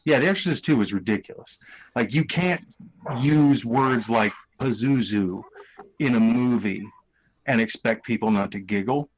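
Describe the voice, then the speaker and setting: A man co-hosting a casual podcast chat, talking in halting bursts full of ums and restarts. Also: mid-range voice, slight background noise. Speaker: podcast co-host. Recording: dull lo-fi audio.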